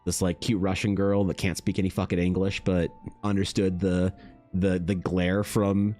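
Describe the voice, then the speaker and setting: Deep-voiced Canadian man telling a story. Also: normal speed, soft background music. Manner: animated, swears casually, many restarts and fillers. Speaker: artist streamer. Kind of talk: casual storytelling on a livestream.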